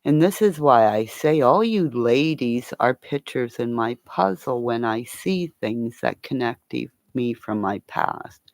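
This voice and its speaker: A woman's voice: a bass voice, expressive, measured pace, few pauses, a little mellow, dry recording. A woman from Northern Ontario chatting on a livestream, rambling and swearing freely as she talks to her viewers by name and calls them darling. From Northern Ontario, Canada.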